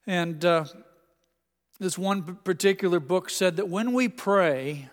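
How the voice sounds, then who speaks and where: A man preaching in a church with a clear, resonant voice pitched a little above the usual. He tells stories with gentle humor, and his words ring out with a long hall reverb. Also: unhurried. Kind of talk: sermon. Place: church sanctuary.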